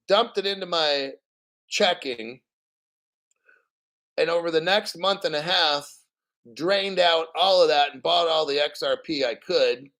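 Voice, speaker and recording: A man's voice: fairly high pitch, fairly bright tone. A man hosting a crypto channel, ranting bluntly and profanely in a casual livestream. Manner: mocking put-on quotes.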